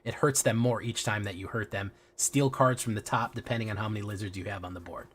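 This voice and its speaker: A man with a lowish, fairly bright voice talks fast in a steady tone while streaming a card game. He chats casually with his viewers, swears freely, and keeps restarting his sentences.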